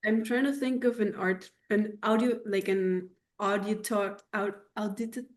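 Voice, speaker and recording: A woman's voice: mid-range voice, fairly even intonation, measured pace, a little mellow. A woman co-hosting a podcast in casual discussion, speaking tentatively and searching for her words. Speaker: podcast co-host.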